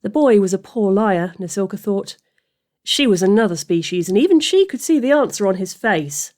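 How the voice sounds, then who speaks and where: A woman narrating an audiobook fantasy story in a steady, expressive voice. Her pitch sits in an ordinary middle range. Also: moderate pace. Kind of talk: audiobook fiction reading.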